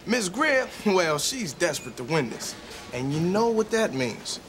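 A smug teenage dealmaker. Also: male voice, high voice, sing-song, unhurried, over music. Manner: smooth, businesslike patter. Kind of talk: sitcom acting.

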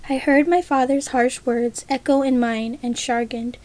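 A woman reading a first-person story aloud as a storyteller, with a measured, dramatic delivery. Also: sits high, steady tone, darkish tone. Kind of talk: scripted first-person narration.

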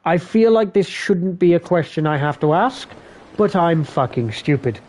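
A man commentating a live game stream, excitable and swearing heavily, jumping between yelps and mutters. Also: on the high side, normal speed, slight background noise.

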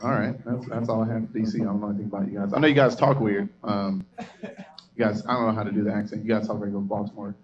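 A man's voice: lowish voice, fairly even intonation, fast talker, muffled recording. A young man from Atlanta doing stand-up, rambling loosely and teasing the audience as he works the crowd on a club stage. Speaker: stand-up comedian.

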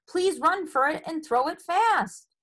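A woman voicing a frog dad coaching his son, coaxing and a bit louder. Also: very high-pitched, lively intonation, unhurried, voice pushed up, heavily acted.

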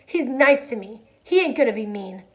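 Woman voicing a childlike, fearful grown man, pleading, high-pitched, drawn-out words. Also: a little mellow, lightly acted. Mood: frantic.

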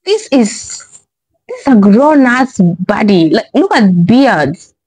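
A woman's voice: fairly high pitch, sing-song, slow pace, darkish tone, husky, no echo, rough recording. A woman hosting a reaction video, talking casually, exasperated and profane, often repeating herself.

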